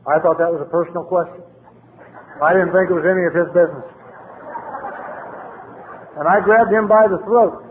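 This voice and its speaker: A middle-aged man speaks bluntly and colloquially, telling his story to a meeting. His voice sits high for a man. The sound is thin and tinny, with a long reverb tail from a large hall. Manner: blunt, plain-spoken and colloquial. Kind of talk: recovery meeting talk.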